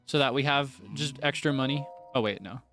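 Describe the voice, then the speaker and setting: A man's voice: mid-range voice, fairly quick, a bit bright, faint music behind. A man streaming a video game, chatting casually in a self-deprecating, giggly way. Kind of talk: casual gameplay commentary.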